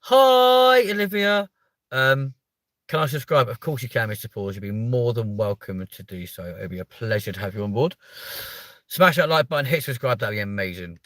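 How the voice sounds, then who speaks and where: A man's voice: on the low side, expressive, brisk, fairly bright tone, no room sound. A British man in his thirties hosting a livestream, chatting casually with viewers and reading their comments, playful and mock-offended, swearing casually. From United Kingdom. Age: 30s. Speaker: livestream host.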